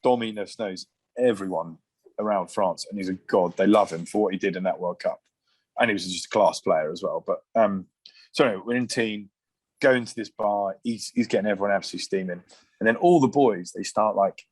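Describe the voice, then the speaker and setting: A man's voice: fairly low pitch, brisk, breathy edge, dry recording. A man and former rugby player, a podcast guest telling casual stories, swearing freely and laughing as he goes. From England. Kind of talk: casual anecdotal storytelling.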